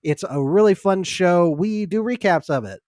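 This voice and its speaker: A man co-hosting a casual sports podcast, teasing and laughing easily in relaxed banter. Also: high-pitched, moderate pace, no room sound, clean studio sound. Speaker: podcast co-host. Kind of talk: casual chat.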